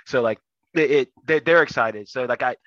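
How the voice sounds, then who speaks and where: Bright-voiced man telling stories casually. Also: mid-range voice, moderate pace, no echo, lo-fi sound. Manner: storytelling, animated with frequent fillers. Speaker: guest athlete. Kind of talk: casual podcast chat.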